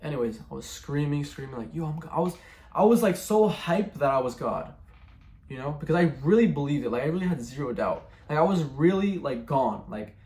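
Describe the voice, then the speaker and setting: A man's voice: fairly high pitch, lively intonation, a little fast, a little mellow. A young man telling his personal testimony in a casual, rambling way, filling his talk with "like" and "bro". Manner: rambling, many fillers like "like" and "bro". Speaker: testimony speaker.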